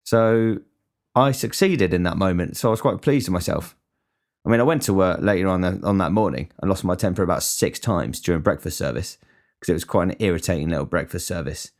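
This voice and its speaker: A man's voice: low-pitched, a little fast. A man who works as a cook, talking in a casual, ranting monologue full of swearing.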